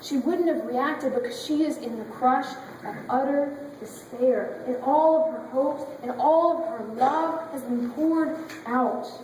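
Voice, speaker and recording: A woman pastor delivers a sermon, telling stories dramatically and emotively in a high voice with a darkish tone, at an unhurried pace. She's captured from a distance in a very echoey church sanctuary, with faint ambience and slight background noise.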